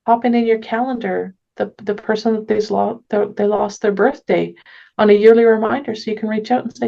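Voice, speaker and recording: A woman talking earnestly as a podcast guest, gentle and often restarting her sentences. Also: medium pitch, fairly even intonation, brisk, creaky, muffled recording. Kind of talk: casual conversation.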